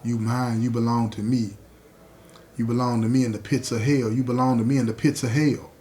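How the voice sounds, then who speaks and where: Low, hushed demonic male voice, possessive and threatening, as a man acts it out while telling a story. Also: level tone, a little fast, a little hiss or hum, lightly acted. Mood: menacing.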